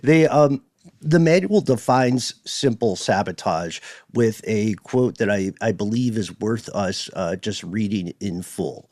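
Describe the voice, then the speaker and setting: A man co-hosting a podcast in casual chat, animated and quick to laugh, often reading quotes aloud. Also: lowish voice, dry recording. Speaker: podcast co-host. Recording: dry close studio sound.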